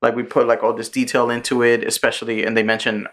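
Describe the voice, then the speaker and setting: A man's voice: mid-range voice, fast talker. Casual swearing podcast guy. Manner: animated storyteller, acts out quoted people, swears freely. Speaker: podcast co-host. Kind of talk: casual chat.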